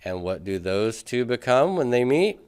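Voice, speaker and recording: In this classroom lecture, a man teaches Greek grammar, patiently working through examples at the board and putting questions to his students. His mid-range voice is smooth and darkish, with a sing-song lilt and moderate pace. He thinks aloud and uses plenty of fillers.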